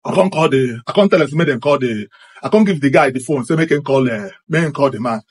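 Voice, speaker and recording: A man with a Nigerian accent, excitedly recounting a personal experience and acting out what happened. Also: medium pitch, fast talker, husky. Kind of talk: animated first-person storytelling.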